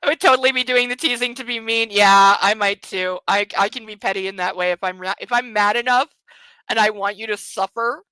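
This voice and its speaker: A woman's voice: mid-range voice, a little fast, bright, forceful tone, clear, resonant tone, no room sound, low-quality recording. A woman hosting a book club, reading a novel aloud and breaking off with mocking, laughing commentary. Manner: mocking asides between read passages; laughs often.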